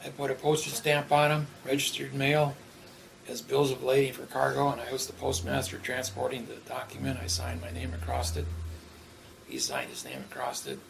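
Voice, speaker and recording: A man talks in relaxed conversation and recounts events in a matter-of-fact tone. His voice is gravelly and sits at a middling pitch. Faint ambient noise hums behind him. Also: normal speed. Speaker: interviewee. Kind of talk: casual conversation.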